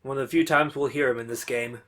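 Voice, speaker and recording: A man's voice: mid-range voice, fast, noisy background. A man playing a video game and chatting casually with a friend, arguing points, joking and reading the game's text aloud. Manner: argumentative, joking, reads on-screen text aloud. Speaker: player and co-host. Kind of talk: casual let's-play banter.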